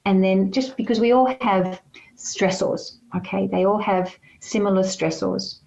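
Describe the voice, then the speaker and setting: A woman's voice: medium pitch, measured pace, gravelly, a little mellow. Chatty woman in a roomy space. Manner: chatty, storytelling with acted quotes. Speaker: holistic healer, podcast guest. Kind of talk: casual interview chat. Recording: roomy, dull lo-fi sound.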